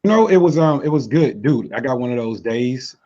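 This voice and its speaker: A man co-hosting a podcast with a hoarse voice, rambling and hesitant with many fillers. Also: medium pitch, animated, a little fast, warm tone, highs cut off. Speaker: podcast co-host. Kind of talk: casual podcast chat.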